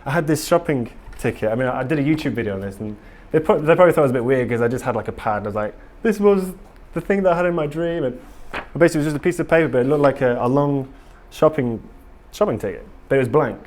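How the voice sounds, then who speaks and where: A man's voice: medium pitch, racing, hardly any pauses, darkish tone, a little hiss or hum. A man giving a casual conference talk to a live audience in a conference room, earnest and rambling, with frequent ums and restarts. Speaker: conference speaker.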